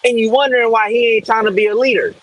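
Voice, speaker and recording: A man's voice: very high voice, steady tone, fast talker, rough recording. A man giving a blunt, streetwise Bible talk with a Southern US accent, repeating phrases as he teaches. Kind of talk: informal preaching talk.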